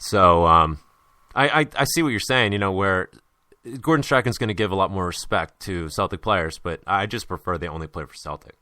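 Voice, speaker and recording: A man's voice: sits low, brisk, sharp tone, no room sound. A young American man hosting a casual sports chat, hungover and rambling with lots of fillers and restarts. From United States. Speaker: podcast host.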